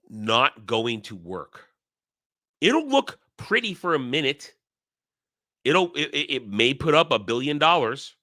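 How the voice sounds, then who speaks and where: Scornful ranting man, bright voice. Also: medium pitch, dry recording, studio quality. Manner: sarcastic, scornful, repeats phrases. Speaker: online commentary host. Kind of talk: ranting commentary.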